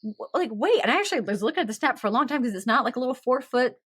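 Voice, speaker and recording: A woman's voice: on the high side, lively intonation, very fast, fairly bright tone, husky. A woman hosting a casual chat podcast, giggly and laughing often between sentences. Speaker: podcast host.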